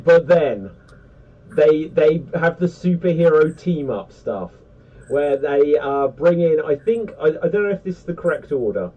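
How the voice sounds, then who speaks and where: A man chatting casually on a pop-culture panel, rambling and animated with lots of fillers. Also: fairly high pitch, a little slow. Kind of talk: casual chat. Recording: distant dull lo-fi mic.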